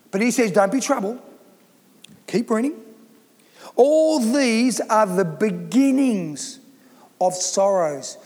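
A woman's voice: on the high side, in a large hall. A woman pastor preaching a sermon, reading scripture aloud, explaining it, and putting emphatic rhetorical questions to the congregation.

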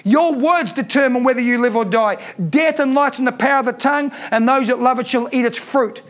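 A man's voice: extremely high pitch, a little fast, fairly bright tone. A man preaching a sermon, emphatic and repeating key lines for effect.

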